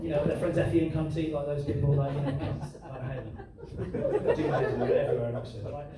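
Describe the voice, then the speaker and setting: A stand-up comedian tells stories to a live audience in an animated routine full of heavy swearing. His voice is a little high and he talks fast over a noisy crowd. The room is echoey, the mic is at a distance, and audience noise is audible.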